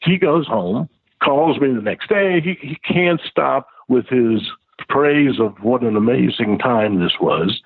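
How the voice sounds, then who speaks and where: Man, guest storyteller, very animated pitch, dry close sound, acts out quoted voices. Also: slightly rough, dry recording. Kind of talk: casual anecdote telling. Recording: tinny phone-like sound.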